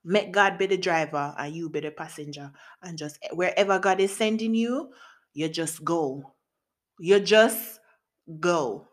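Her voice runs on the low side at a measured pace as she hosts her podcast. Speaking with a Jamaican accent, she recounts a personal story lively and casually, using patois and laughing frequently.

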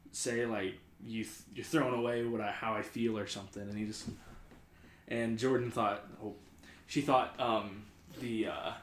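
Guy on a podcast telling a story, lots of likes, mid voice, echoey room. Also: medium pitch. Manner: rambling, many "like" fillers, animated retelling. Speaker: podcast host. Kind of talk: casual storytelling chat.

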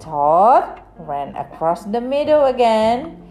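Animated woman reading a storybook. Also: a little high, slow, soft background music. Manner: animated, expressive. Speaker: storyteller for children. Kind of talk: reading a picture book aloud.

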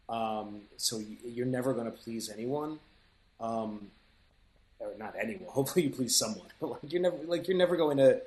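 Echoey, rambling male narrator. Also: medium pitch. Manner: thoughtful, rambling, many fillers and restarts. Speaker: audiobook narrator and voice actor. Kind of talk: casual interview chat.

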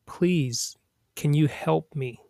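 A man's voice: on the high side, drawn-out words, creaky, warm tone, no room sound, clean studio sound, heavily acted. A man voicing a frightened male tourist who pleads desperately for help while hanging from a cliff.

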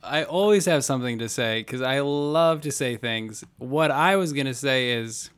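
A man's voice: mid-range voice, normal speed, fairly bright tone, clear, resonant tone. A young man hosting a running podcast, upbeat and joking, telling a sponsor anecdote in a casual chat. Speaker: podcast host.

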